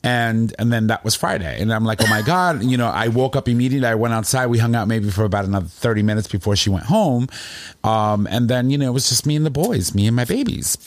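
A man telling a long personal story in casual chat, rambling and animated, with plenty of emotion. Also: medium pitch, fast talker, dry recording.

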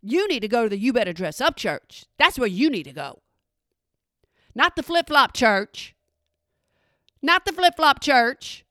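A woman's voice: on the high side, very animated, a little slow, long pauses, pushed and bright, dry recording, studio quality. A woman from Texas with a Texan accent, telling a chatty story and asking again and again if you hear her. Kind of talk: storytelling monologue.

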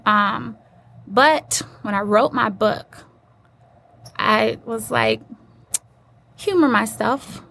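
A woman with a fairly high voice tells her own story as an interview guest. She is earnest and acts out the people she quotes. Faint background noise sits under the voice. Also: lively intonation, drawn-out words, vocal fry, long pauses, bright, forceful tone.

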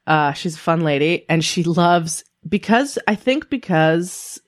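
A woman's voice: lowish voice, lively intonation, a little slow. Chatty woman telling stories. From Canada. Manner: rambling storyteller, lots of "like". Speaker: podcast co-host. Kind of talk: casual chat.

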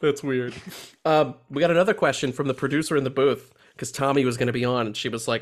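A man hosting a podcast in casual chat, animated and profane, joking with his co-hosts. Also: mid-range voice, fast talker. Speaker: podcast host.

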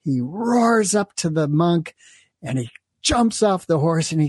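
A man's voice: a little high, animated, unhurried, a little mellow, slightly rough, no room sound. A man hosting a solo podcast, telling a story with rambling, self-aware asides. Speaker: podcast host.

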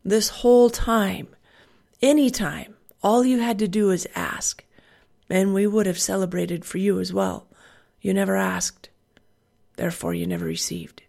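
A woman voicing a loving, patient father who gently reassures his son. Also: mid-range voice, steady tone, a little slow, gravelly. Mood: tender.

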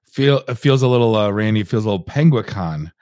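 A man's voice: lowish voice, animated, fast talker, a little mellow, no echo, studio quality. A middle-aged man hosting a podcast, rambling and joking with plenty of fillers. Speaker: podcast host. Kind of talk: casual podcast chat.

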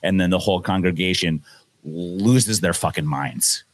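A man's voice: sits low, normal speed. A man co-hosting a podcast, telling stories in a laid-back, profane chat. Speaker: podcast co-host. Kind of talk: casual chat. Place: home in Hawaii.

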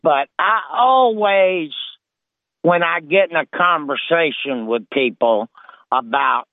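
A man's voice: on the high side, takes it slowly, no room sound. A man co-hosting a radio show, telling a funny story in casual banter and building to the punchline. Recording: phone-like, dry.

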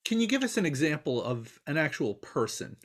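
Guy asking careful slow questions on a video call interview. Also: a little high, very animated.

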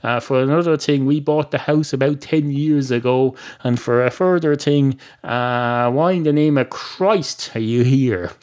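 A man's voice: mid-range voice, measured pace, hardly any pauses, a little mellow, voice pushed up, close to an everyday voice. An Irish man voicing a blunt older woman, a brothel madam who lectures and rambles through long directions. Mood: lecturing.

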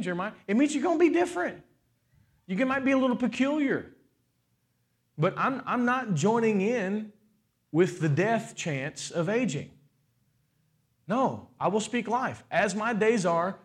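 A man in his forties preaching a sermon as pastor, asking the crowd rhetorical questions with lively swings in pitch and loudness and playful asides. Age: 40s.

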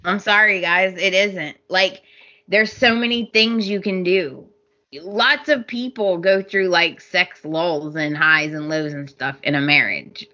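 A woman's voice: fairly low pitch, measured pace, pushed and bright, dull audio. A woman co-hosting a podcast, chatting casually and getting exasperated, laughing often. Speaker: podcast co-host. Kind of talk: casual chat recapping a soap opera.

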